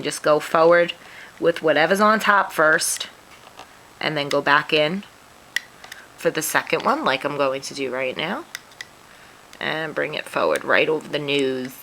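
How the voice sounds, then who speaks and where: A woman with a low, gravelly voice and a sharp tone hosts a craft tutorial, talking through each hands-on step in a chatty, self-deprecating way while sniffling. The recording is low quality, with a little hiss or hum.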